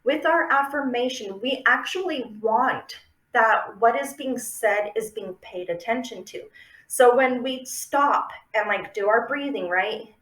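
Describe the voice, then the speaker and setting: A woman's voice: on the high side, measured pace, fairly bright tone. A woman giving a casual, chatty how-to talk on affirmations, often checking in with the listener. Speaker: affirmation practice teacher. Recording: roomy, echoey room.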